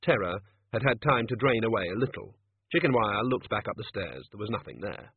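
A man's voice: on the low side, animated, fairly quick, breathy edge. A man narrating a comic fantasy story in a dry, wry manner. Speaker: audiobook narrator. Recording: phone-like lo-fi recording.

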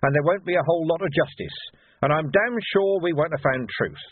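A man's voice: a little high, animated, brisk, husky, no room sound, voice pushed up. A man voicing a weary, dry-witted male police sergeant who speaks bluntly and sardonically. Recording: narrow phone-like sound.

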